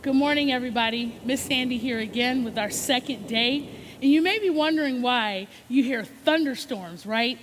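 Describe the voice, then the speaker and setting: A woman's voice: fairly high pitch, moderate pace, big-room sound, very noisy. A woman hosting a children's Bible lesson, upbeat and coaxing, often checking in with "right?". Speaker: children's ministry host.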